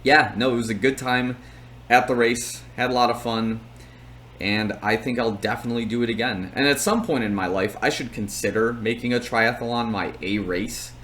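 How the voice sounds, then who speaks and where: A man's voice: medium pitch, fairly even intonation, moderate pace, a bit bright, slight background noise. A young man talking casually and at length, with plenty of fillers, as he recaps his race on his channel. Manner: chatty, rambling, lots of fillers.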